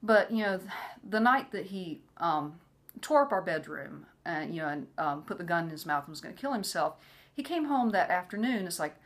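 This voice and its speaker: Her voice sits on the low side, animated but at a normal speed. The woman, a vlogger, recounts a personal story casually, full of "you know" fillers, occasionally mimicking what others told her.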